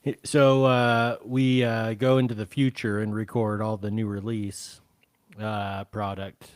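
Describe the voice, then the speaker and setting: A man's voice: fairly low pitch, little pitch movement, unhurried, dry recording. A man hosting a podcast in casual chat, hesitant with lots of fillers. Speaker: podcast host.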